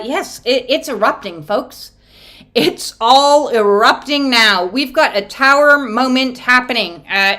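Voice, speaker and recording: A woman's voice: on the high side, bright, forceful tone. A woman doing an oracle card reading in a casual vlog, talking in a blunt, profane, emphatic way. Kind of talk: casual spiritual vlog chat.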